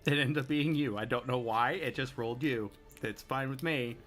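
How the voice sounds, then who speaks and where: A man running a live-streamed tabletop game as game master, narrating scenes slowly and dramatically. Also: medium pitch, a bit bright, faint music behind. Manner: slow, dramatic descriptive narration.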